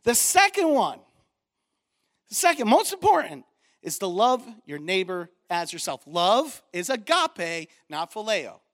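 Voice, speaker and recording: A high-pitched man delivering a sermon from the pulpit. He preaches with swelling fervor, pushing up and louder on the big points, then drops into relaxed, joking asides to his listeners. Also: a little slow. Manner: animated preaching, rising loud on key points, folksy asides. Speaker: pastor.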